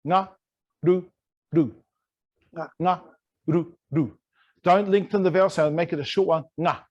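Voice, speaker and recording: A man's voice: high voice, steady tone, unhurried, a little mellow, lo-fi sound. A man teaching a language in an online lesson, playful and over-pronouncing words to demonstrate them. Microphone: video call.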